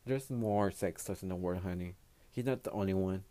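A man's voice: deep voice, moderate pace, mellow. A man hosting his own podcast in a casual solo monologue, a native Spanish speaker talking in English, giving blunt, profane, rambling advice. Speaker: podcast host.

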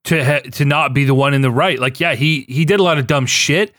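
A young man with a slightly high voice, ranting animatedly in casual conversation. He stumbles and restarts as he gets worked up. The recording is dry, with no room sound. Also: a little fast, a bit bright, no echo. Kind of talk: casual chat.

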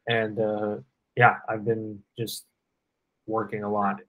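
Casting: laid-back young man, low voice, slangy casual podcast chat over a call. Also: takes it slowly, phone-quality sound. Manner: relaxed, slangy, profane, laughing. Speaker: podcast co-host. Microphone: headphones on a video call.

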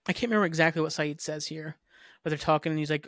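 A man's voice: fairly high pitch, racing, a bit bright, dry recording, clean studio sound. A man hosting a podcast, casually recapping a TV episode in a rambling way, with many fillers. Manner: rambling, filler-heavy storytelling. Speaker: podcast host.

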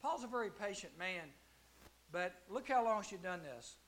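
Animated man teaching Bible class. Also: sits high, moderate pace. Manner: animated storytelling with acted-out voices.

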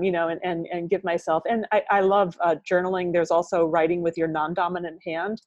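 A woman's voice: fairly low pitch, level tone, a little fast, few pauses, darkish tone, no room sound, lo-fi sound. An older woman talking as a podcast guest and author, rambling and full of sayings and "you know". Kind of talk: candid interview conversation.

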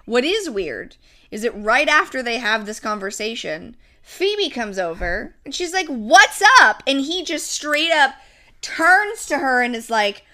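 A young woman chatting as co-host on a casual podcast, animated and laughing easily. Her voice is bright and a bit high, and it jumps up into squeals when something amuses her. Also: a little slow. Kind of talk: casual chat recapping a sitcom.

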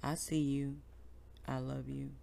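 A woman co-hosting a casual podcast, who talks loudly and jokes, then leads a slow, quiet spoken prayer. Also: rumbling low, vocal fry, slight background noise. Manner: loud, animated banter turning to slow, soft praying. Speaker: podcast co-host.

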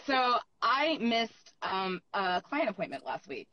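A woman coach speaks as a podcast guest and tells lively stories with easy laughter. Her voice has a middle pitch. It comes through a slightly dull, lo-fi line. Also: measured pace. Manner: storytelling, laughs readily, mimics others. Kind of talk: casual podcast conversation.

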